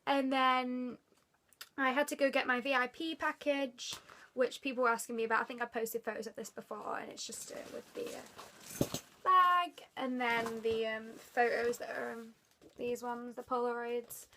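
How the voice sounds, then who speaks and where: A woman vlogger telling a story casually to the camera, excitable and gushing, filling her talk with "like". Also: on the high side, normal speed, a little hiss or hum.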